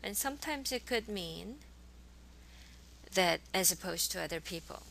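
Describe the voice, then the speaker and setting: A woman's voice: medium pitch, animated, unhurried, vocal fry, a bit bright, slight background noise, low-quality recording. A woman teaching a college language class, explaining grammar patiently and modeling example sentences. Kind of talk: recorded classroom lecture. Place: college course recording.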